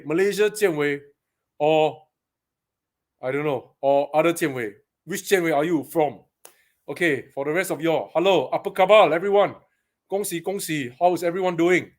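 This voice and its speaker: A man from Singapore with a Singaporean English accent, hosting a casual live stream from a paintball shop, chatty and greeting viewers by name. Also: on the high side.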